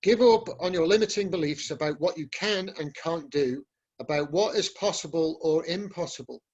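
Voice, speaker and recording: A man's voice: on the high side, moderate pace, a little mellow, highs cut off. A man, teaching a live yoga workshop in a loose, rambling, conversational way with many fillers.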